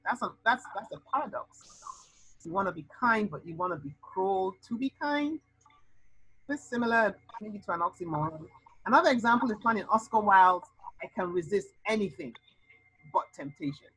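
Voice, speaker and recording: A woman tutor teaching an SAT lesson over a video call, explaining with lively, animated delivery. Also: mid-range voice, normal speed, husky, dry recording, poor audio. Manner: lively, animated explaining with sound-word outbursts.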